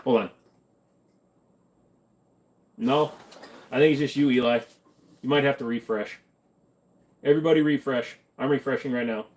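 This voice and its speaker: A man hosting a casual livestream, reading out chat comments and answering them with deadpan jokes. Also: medium pitch, normal speed, pauses often. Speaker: livestream host.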